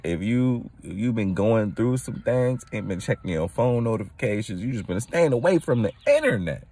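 A man hosting his own podcast, talking loosely and excitedly, rambling with restarts and laughing at his own jokes, a bit tired from little sleep. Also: medium pitch, normal speed, hardly any pauses. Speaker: podcast host. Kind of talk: casual solo podcast rant.

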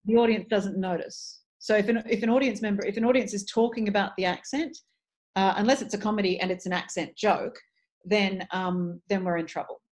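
Fairly quick and mid-range in pitch, this female voice and dialect coach comes across animated and well-spoken in conversation with an interviewer, occasionally starting phrases over.

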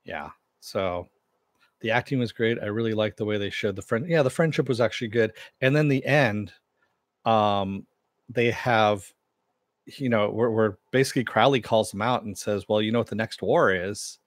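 A man's voice: fairly low pitch, moderate pace, no room sound, clean studio sound. A middle-aged man casually reviewing a series, rambling with many fillers and restarts.

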